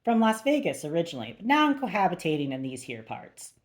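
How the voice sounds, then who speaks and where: A woman's voice: lowish voice, big pitch swings, fast talker. A woman voicing a cocky male spy who poses as a swaggering mobster, in an audiobook reading. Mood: brash. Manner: brash, swaggering.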